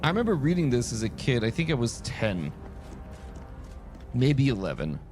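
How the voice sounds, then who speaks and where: A man's voice: mid-range voice, very animated, moderate pace, a little mellow. Man, game streamer, from France, rambling casual chat, stops and restarts a lot, faint music behind. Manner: rambling, self-interrupting storyteller. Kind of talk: casual chat while playing.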